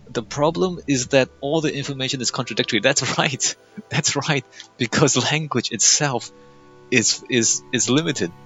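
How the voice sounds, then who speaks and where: A man's voice: mid-range voice, a bit bright. A young man in casual gameplay commentary, sarcastic and mocking as he reads game dialogue aloud. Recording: muffled lo-fi mic over faint game music.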